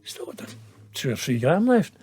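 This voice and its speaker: A man's voice: fairly high pitch, big pitch swings, normal speed, darkish tone, breathy edge. A Scottish man in his fifties, a guest telling a long story in an interview, rambling and profane, laughing and poking fun at himself. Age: 50s. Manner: rambling, profane, laughs at his own tale, self-mocking.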